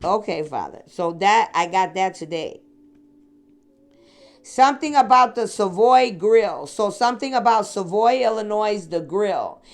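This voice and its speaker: A woman's voice: medium pitch, lively intonation, measured pace. A woman from the Chicago area giving a casual psychic reading, rambling and talking straight to her listeners. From Chicago area, USA. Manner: rambling, addresses listeners directly with "okay?" and "sweetheart". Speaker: psychic reader. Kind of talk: casual spiritual reading monologue.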